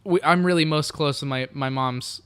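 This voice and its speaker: Rambling young man, smooth voice. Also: a little high, normal speed, a bit bright. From Southern United States. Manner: rambling, hesitant, full of fillers and restarts. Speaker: podcast co-host. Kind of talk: casual chat.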